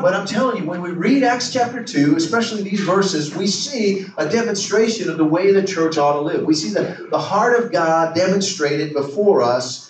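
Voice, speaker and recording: A pastor preaching in a roomy church, his voice slightly high for a man. He keeps calling out questions to the congregation and pulling answers from them, heard from a distance with faint room ambience. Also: moderate pace, hardly any pauses, slight background noise. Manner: call-and-response, asking the congregation questions. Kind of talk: sermon. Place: church sanctuary.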